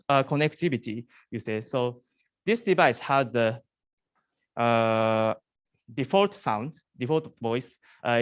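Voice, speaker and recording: A startup founder answering jury questions in hesitant English, full of pauses and restarts. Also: male voice, medium pitch, smooth, dry recording. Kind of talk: halting non-native Q&A answers.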